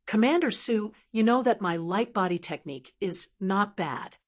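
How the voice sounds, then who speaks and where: A woman voicing a calm, confident young man, a martial hero in an audiobook, speaking with smiling assurance. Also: mid-range voice, moderate pace, natural voice.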